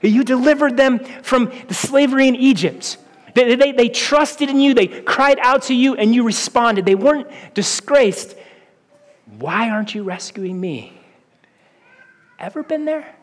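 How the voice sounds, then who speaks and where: High-voiced preacher man in reverberant hall. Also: normal speed. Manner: earnest, repetitive restarts, rhetorical questions. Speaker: pastor. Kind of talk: sermon.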